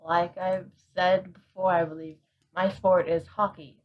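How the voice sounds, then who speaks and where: A woman's voice: lowish voice, little pitch movement, unhurried, highs cut off. A woman in a casual chat, answering with short, dry one-liners.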